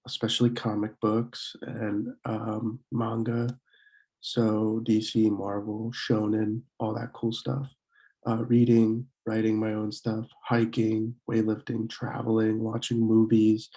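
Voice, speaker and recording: A young man from Pennsylvania giving a casual recorded online lesson, talking with many fillers and slowing down to demonstrate words. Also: on the low side, vocal fry, warm tone. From Pennsylvania, USA. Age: young adult. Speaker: student French club teacher.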